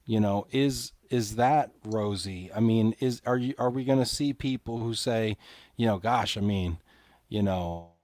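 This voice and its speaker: A man's voice: medium pitch, steady tone, moderate pace, a little mellow, no echo. A man hosting a live interview show, upbeat, reading viewer comments aloud and asking follow-up questions. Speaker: host.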